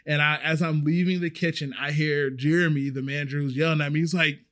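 A man casually telling a story about his restaurant job, animated and swearing freely. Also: a little high, fairly quick. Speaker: restaurant server.

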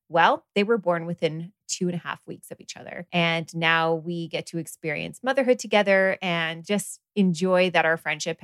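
A woman's voice: on the low side, dry recording, clean studio sound. A woman hosting a podcast in casual chat, effusive and laughing often. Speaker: podcast host.

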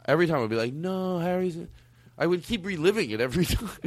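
A man hosting a podcast, talking in a rambling, halting, joking way. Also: a little high, big pitch swings, no echo. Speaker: podcast host. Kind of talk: casual comedic chat.

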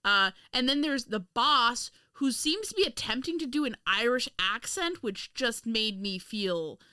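Lively sarcastic woman podcast co-host. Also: a little high, smooth, no room sound, clean studio sound. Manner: sarcastic, quick, laughing often. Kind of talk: casual comedic chat.

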